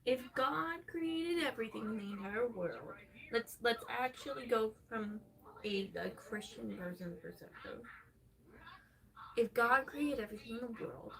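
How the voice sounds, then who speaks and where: A woman's voice: fairly high pitch, lively intonation, unhurried, gravelly, a bit bright, far from the mic. A young woman streamer ranting profanely and mockingly at her chat, casual and scornful. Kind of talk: casual livestream rant.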